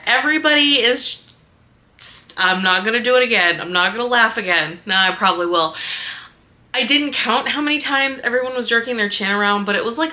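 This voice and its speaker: A young woman chats straight to the camera about a book she just finished. Her voice sits a little high and sounds bright and forward. She rambles and loops back on her points in an easygoing vlog manner. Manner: chatty, rambling, repeats herself. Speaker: book reviewer. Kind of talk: casual vlog chat.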